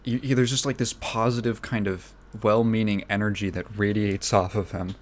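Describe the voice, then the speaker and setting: A man hosting a casual solo podcast, rambling with many fillers and restarts, his throat phlegmy so he keeps clearing it. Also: lowish voice, level tone, normal speed. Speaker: podcast host.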